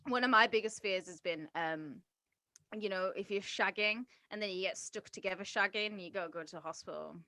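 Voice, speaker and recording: A woman's voice: mid-range voice, brisk, sharp tone, dry recording. A woman podcast co-host, chatting crudely and bluntly, swearing and laughing often. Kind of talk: casual crude chat.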